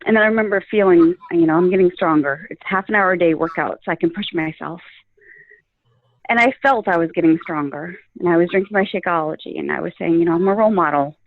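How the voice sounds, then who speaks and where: Woman on a tinny, phone-like line. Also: on the low side. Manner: earnest, with frequent fillers. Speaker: guest sharing her coaching story. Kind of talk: casual interview.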